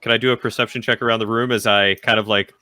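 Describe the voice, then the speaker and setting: A man's voice: fairly low pitch, flat delivery, quick pace, pushed and bright, no echo, studio quality. A man playing a tabletop game, stammering deferentially in character. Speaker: player.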